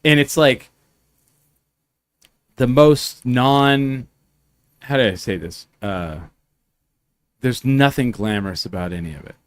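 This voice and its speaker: A man's voice: medium pitch, slow pace, long pauses, no echo. A man co-hosting a podcast, telling rambling anecdotes in casual chat and swearing freely. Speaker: podcast co-host.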